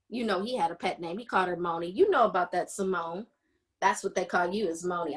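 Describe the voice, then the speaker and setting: Animated woman recapping a story. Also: on the high side. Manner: animated storytelling, acting out characters' lines. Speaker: podcast host. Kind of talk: casual book recap chat.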